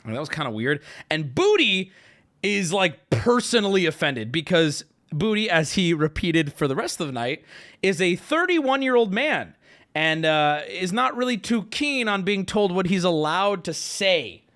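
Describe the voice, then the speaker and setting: A man's voice: sits high, unhurried. A man in his thirties, a streamer casually telling a story to his live chat, swearing and joking as he goes. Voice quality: animated, swearing, jokey.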